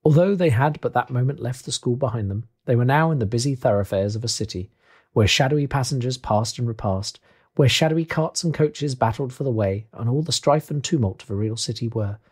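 A man narrates a classic tale as an audiobook in a measured, expressive way. His voice is mellow and slightly husky. He sits at a middling pitch. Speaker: audiobook reader.

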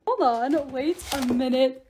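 A woman's voice: high-pitched, measured pace, a little mellow, slight background noise. A young woman in her twenties, a lifestyle vlogger, chatting over clips of herself organizing, bubbly and self-deprecating. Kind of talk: voice-over narration of organizing videos.

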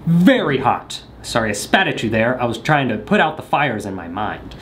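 A man's voice: medium pitch, sing-song, moderate pace, fairly bright tone, slight background noise. A young man vlogging, rambling and joking straight to the camera in a goofy comedic monologue.

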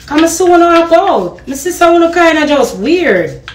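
Jamaican woman, high voice, heated live-stream rant, patois and cursing. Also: big pitch swings, moderate pace. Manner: ranting, repeated rhetorical questions; patois slang and profanity. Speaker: social media personality.

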